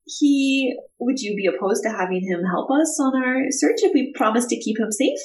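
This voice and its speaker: A woman playing a bard at a tabletop game, talking high with a lot of swing in her voice. She hesitates often, and the room rings around her. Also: lively intonation, normal speed, darkish tone, reverberant. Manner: hesitant, full of ums. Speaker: player.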